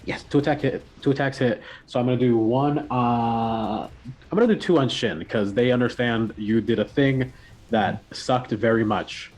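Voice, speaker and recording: A man narrating as game master, relaxed and pausing often with fillers. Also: mid-range voice. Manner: relaxed, with frequent filler pauses.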